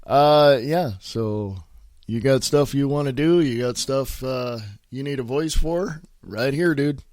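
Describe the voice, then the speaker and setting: A man hosts a casual solo podcast, reading articles aloud while congested and sniffly from a sinus infection, rambling loosely and mumbling asides. His medium-pitched voice is slow and a little mellow, recorded in clean studio sound with no room tone.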